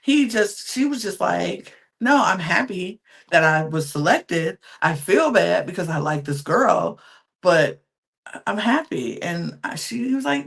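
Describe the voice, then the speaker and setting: A woman's voice: on the low side, a little slow, creaky. A woman hosting a podcast, chatting through a reality-show recap in a casual, emphatic way and acting out what the contestants said. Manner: chatty, animated, acts out quotes in little voices; emphatic, repeats words for effect. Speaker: podcast host.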